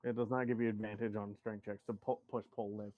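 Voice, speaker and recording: A man's voice: lowish voice, level tone, fast, no room sound, narrow, tinny audio. A man narrating and ruling a tabletop game as game master, in a loose, chatty way with casual swearing.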